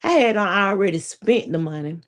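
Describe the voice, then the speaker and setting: A woman's voice: medium pitch, expressive, normal speed. A woman, telling a story to viewers in a casual, profane, chatty way. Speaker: vlogger.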